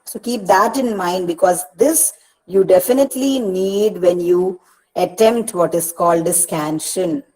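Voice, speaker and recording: A woman's voice: lowish voice, a little slow, darkish tone, poor audio. A woman with an Indian English accent, teaching as a university counsellor in an online lecture, patient, repeating words and breaking them into syllables. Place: Kerala, India regional study centre session.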